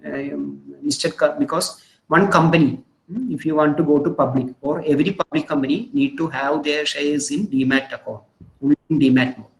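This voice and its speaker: A man with an Indian English accent gives a webinar lecture over a video call. He talks haltingly, with many fillers and frequent "hmm?" check-ins to listeners. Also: fairly high pitch, steady tone, reverberant, poor audio. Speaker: webinar presenter on investing. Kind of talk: online lecture with slides.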